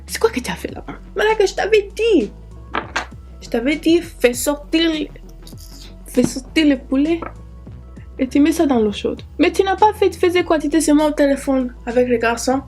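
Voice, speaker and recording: A woman's voice: high-pitched, expressive, darkish tone, soft background music, voice pushed up. A woman playing a scolding, exasperated mother. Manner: nagging, rapid-fire scolding.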